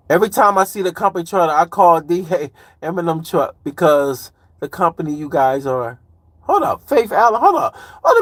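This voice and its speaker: A man's voice: high voice, fairly bright tone, no room sound. A man in his forties from Chicago, chatting loosely on a live stream and reading comments aloud in slangy, rambling talk. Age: 40s. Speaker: livestreamer and truck driver.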